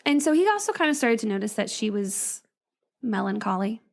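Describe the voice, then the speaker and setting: A woman's voice: mid-range voice, sing-song, a little fast, creaky. An American woman hosting a casual true-crime podcast, reading old love letters aloud with dry asides and short laughs. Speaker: podcast host.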